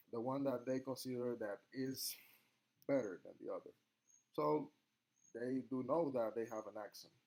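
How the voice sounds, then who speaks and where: A young man whose first language is Spanish speaks English with a Spanish accent and a gravelly edge. He talks in a middle register, earnest and a little halting, reading out questions and answering them for a class presentation. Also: mid-range voice, poor audio. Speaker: student.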